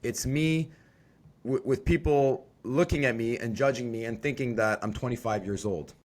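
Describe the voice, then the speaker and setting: A man's voice: medium pitch, normal speed. A man in his forties who co-owns a construction company, talking bluntly and casually on a podcast, cursing freely. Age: 40s. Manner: blunt, swears freely, restarts words.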